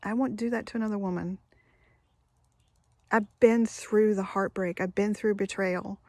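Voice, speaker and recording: A woman's voice: mid-range voice, steady tone, a little slow, darkish tone, no echo. Candid woman in her fifties, dry sound. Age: 50s. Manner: candid, rambling, full of restarts. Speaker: vlogger. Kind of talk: confessional storytelling.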